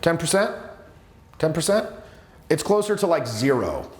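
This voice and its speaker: A man coaching a live workshop on social skills, talking in an animated, emphatic way with many restarts. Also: a little high, measured pace. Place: seminar room with students. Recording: echoey room.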